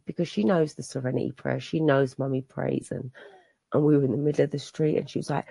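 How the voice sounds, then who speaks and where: Speaking at a meeting, an adult Englishwoman who is a mother relates her recovery with feeling, repeating herself and restarting frequently. Her low voice is steady, creaky and warm, and she talks briskly. The meeting-room recording has no room sound.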